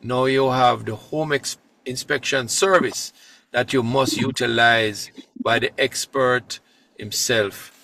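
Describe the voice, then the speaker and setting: Bright, enthusiastic male co-host. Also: mid-range voice, fairly even intonation, slow, gravelly, slight background noise. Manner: enthusiastic, praising. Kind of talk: online community call hosting.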